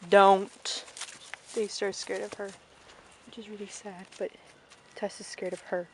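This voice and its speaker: A woman's voice: medium pitch, little pitch movement, measured pace, background noise. A young woman casually vlogging an outdoor farm tour on a handheld camera, chatting and calling out to her ponies.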